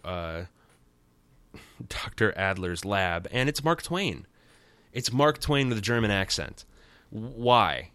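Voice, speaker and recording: A low-pitched man hosts a podcast in a loose, rambling recap style. His tone is forceful and crisp, with wry, sarcastic asides. The recording is close and dry. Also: no echo. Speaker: podcast host. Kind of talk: casual comic recap.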